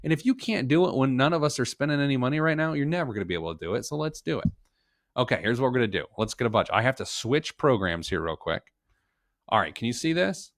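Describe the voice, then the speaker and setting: A man's voice: medium pitch, expressive, fast, dry recording, clean studio sound. A man who is a financial planner, teaching budgeting in a casual live-stream tutorial, chatty and joking with frequent asides.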